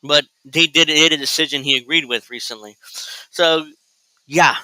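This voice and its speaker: A man's voice: normal speed, smooth, dry recording, low-quality recording. A man hosting a live reaction show, talking casually and mockingly, often mimicking others in a raised voice. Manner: animated, mocking, mimics people in high voices. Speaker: host reacting to a video.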